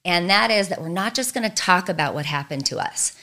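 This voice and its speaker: A woman's voice: on the low side, lively intonation, fairly quick, pushed and bright. A woman trauma therapist giving an earnest teaching talk, building her points through short repeated phrases.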